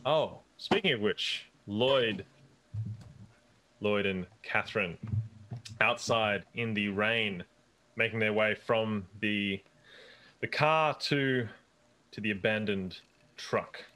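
A man narrating as game master in a casual, halting way. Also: lowish voice, pushed and bright.

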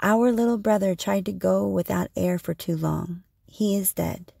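A woman voicing a wise male spirit hero who speaks calmly and steadily to the animals in a storybook reading. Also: mid-range voice, a little slow, creaky, slightly rough, no echo, studio quality, heavily acted.

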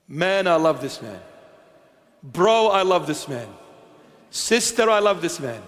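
Impassioned bishop with a high voice. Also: male voice, very animated, takes it slowly, long pauses, long reverb tail. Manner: impassioned, repetitive, swings from loud to hushed. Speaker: bishop preaching. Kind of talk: sermon. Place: church.

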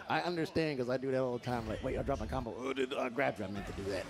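A man giving playful, excitable live commentary on a fighting game match, acting out the players' thoughts. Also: mid-range voice, rapid-fire, few pauses.

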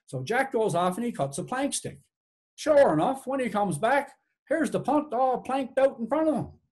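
Male storyteller, Newfoundland accent, higher voice, very lively delivery, folksy and rhythmic repetition. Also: normal speed. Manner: folksy, rhythmic, repeats "she said" and "sure enough". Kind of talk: oral folk tale telling.

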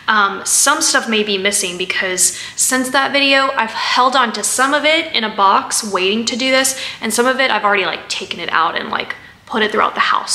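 A woman's voice: medium pitch, pushed and bright, echoey room. A woman chatting casually through a haul vlog, rambling with fillers and asides as she sorts items. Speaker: haul vlogger.

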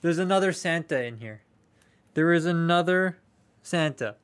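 A man's voice: on the high side, expressive, normal speed, clean tone. A young man chatting casually on a live stream while unboxing collectible toys, rambling, swearing freely and answering viewer comments.

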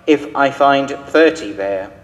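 A man reading the part of God, giving firm, measured replies in a church. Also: mid-range voice, expressive, lo-fi sound, natural voice. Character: God answering with calm, firm mercy. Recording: reverberant church hall.

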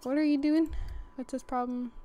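A woman's voice: high voice, steady tone, moderate pace, mellow. A young woman hosting a gaming channel, giving casual, rambling commentary and often laughing as she talks.

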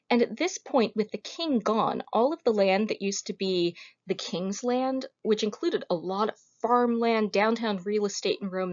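A woman giving a recorded history lecture in a casual, conversational way, with wry asides. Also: medium pitch. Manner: informal, wry asides, retells scenes with acted quotes. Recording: slightly dull lo-fi audio.

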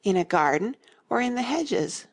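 A woman reading the part of an anxious, muddled elderly queen in a fairy-tale audiobook, talking softly and vaguely. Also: a little high, big pitch swings, moderate pace, voice pushed up. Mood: fretful. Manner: fretful, wandering, breathy and soft.

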